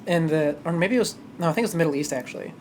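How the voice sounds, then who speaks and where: Talking very fast in a medium-pitched, darkish voice, a streamer chats casually during a live playthrough of a game, over a little hiss or hum. The talk wanders, and they keep interrupting their own thoughts to correct themselves.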